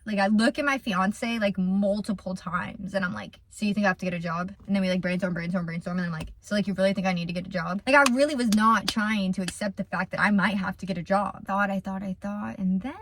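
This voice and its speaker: A young woman and small business owner chatting casually through a storytime, animated and rambling, repeating words as she thinks aloud. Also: medium pitch, fast talker, hardly any pauses, slight background noise.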